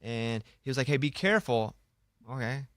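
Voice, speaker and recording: A man's voice: mid-range voice, animated, normal speed, fairly bright tone, dry recording. Man hosting a studio chat, dry sound. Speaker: radio show host. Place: radio studio. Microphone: studio microphone.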